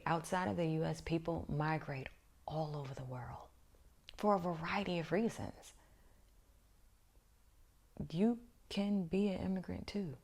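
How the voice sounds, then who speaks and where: A woman's voice: deep voice, unhurried, long pauses, darkish tone. A woman vlogger telling a personal story in a reflective way, often dropping to a near-whisper.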